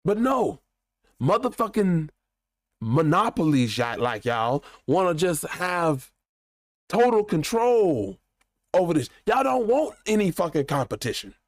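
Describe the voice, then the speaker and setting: A man's voice: sits high, big pitch swings, unhurried, dry recording, studio quality. Heated, profane man ranting. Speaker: show host. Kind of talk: ranting commentary.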